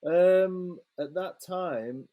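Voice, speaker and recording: A man's voice: high voice, extremely slow. Sweary man telling stories. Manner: lively, sweary anecdote-telling with acted-out quotes. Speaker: photographer guest. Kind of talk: casual storytelling interview.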